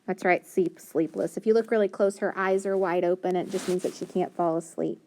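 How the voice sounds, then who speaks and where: A woman teaching a phonics lesson, sounding out letters slowly and clearly and praising often. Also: fairly low pitch, fairly even intonation, a little mellow, slight background noise.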